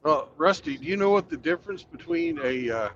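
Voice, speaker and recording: High bright man on a dull line. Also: animated, a little fast, a little hiss or hum. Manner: joking, teasing. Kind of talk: casual chat.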